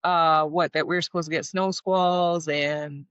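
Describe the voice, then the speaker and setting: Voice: mid-range voice, steady tone, unhurried, fairly bright tone, clear, resonant tone, no room sound. A co-host in casual chat, wry and blunt, swearing freely. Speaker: podcast co-host. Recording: dull lo-fi sound.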